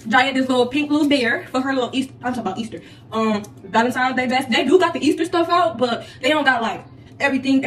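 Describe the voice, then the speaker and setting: A young woman hosting a casual haul vlog, chatty and slangy, talking straight to her viewers. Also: high-pitched. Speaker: vlogger. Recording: echoey room, distant mic, faint noise.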